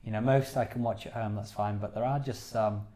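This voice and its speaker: Man, casual podcast chat, rambling, low voice, dark mellow tone. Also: steady tone, a little fast. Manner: rambling, many "you know"s, enthusiastic. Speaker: podcast co-host.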